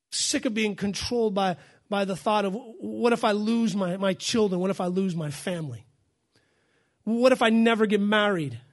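A man with a notably high voice delivers a sermon as pastor. He preaches with fire, bursting into shouts and hammering phrases over and over inside his church. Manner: fiery, shouting, repeats phrases.

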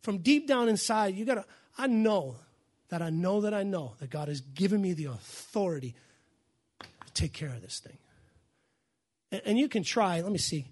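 A man preaching a sermon as pastor, fiery and emphatic, shouting and repeating his phrases in a church. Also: high-pitched, animated, normal speed, breathy edge.

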